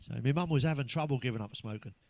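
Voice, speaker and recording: An English man doing a stand-up routine of crude, blunt one-liners, full of swearing, who pitches up when he quotes other people. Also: fast talker, darkish tone, no room sound. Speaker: stand-up comedian.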